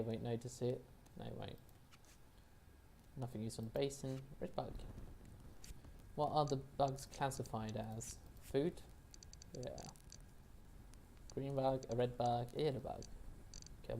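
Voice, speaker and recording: A woman's voice: a bass voice, warm tone, a little hiss or hum. A woman hosting a video game playthrough, chatting and reading the game's texts aloud in a self-deprecating way. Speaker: gaming channel host. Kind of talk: let's play commentary and reading aloud.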